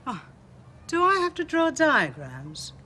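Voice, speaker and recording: An actress playing a flirtatious wife in a 1980s TV soap, with a teasing, playful manner. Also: female voice, high voice, huge pitch swings, unhurried, pushed and bright, slight background noise, exaggerated voice. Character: flirtatious wife seducing her husband.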